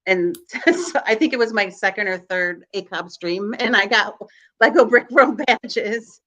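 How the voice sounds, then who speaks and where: Bright-toned woman with a Chicago accent. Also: medium pitch, measured pace, highs cut off. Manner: rambling, filler-heavy storytelling. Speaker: guest. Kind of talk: casual chat on a live stream.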